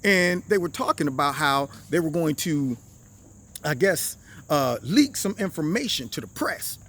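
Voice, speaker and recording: A man's voice: a little high, sing-song, a little slow, a bit bright. A man hosting a casual commentary show, telling stories in slang and acting out the people he quotes. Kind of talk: casual political commentary and storytelling.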